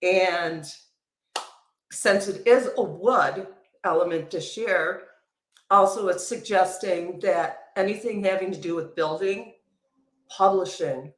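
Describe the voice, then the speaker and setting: A woman teacher speaking as a guest on a livestream, slow, dreamy and soft-spoken. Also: fairly low pitch, reverberant, rough recording. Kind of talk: livestream casual chat.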